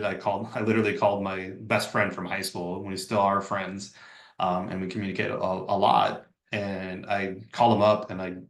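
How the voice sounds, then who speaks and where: A man's voice: lowish voice, gravelly, fairly bright tone, roomy sound. A man leading a real estate training session over a video call, talking casually and acting out sample phone messages. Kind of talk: live online training session.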